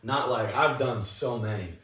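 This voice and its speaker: Recorded from a distance in an echoey room, slightly off mic, a young actor being interviewed speaks at normal speed in a mid-range voice. He tells lively, casual anecdotes, voicing the people involved through quoted asides.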